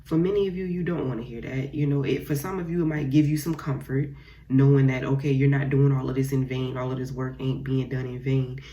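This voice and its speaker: This tarot reader has a very deep, dark voice with fairly even intonation and a brisk delivery. The young woman reads casually and bluntly for her viewers, swearing and repeating phrases as she addresses them directly.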